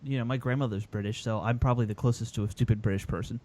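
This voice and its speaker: A man's voice: mid-range voice, steady tone, very fast, dark tone. A man co-hosting a sports podcast in casual chat, hesitant and self-deprecating. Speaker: podcast co-host.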